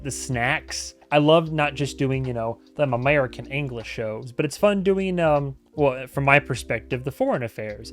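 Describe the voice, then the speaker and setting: A man hosting a reaction channel, talking casually to his viewers and stumbling through German phrases with a self-mocking laugh. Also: mid-range voice. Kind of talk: casual talk to camera.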